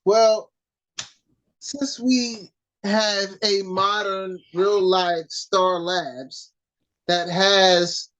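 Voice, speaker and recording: A woman co-hosting a casual podcast chat, teasing her co-host and pausing often as she searches for words. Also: medium pitch, fairly even intonation, fairly bright tone, poor audio. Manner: playful teasing, drawn-out pauses.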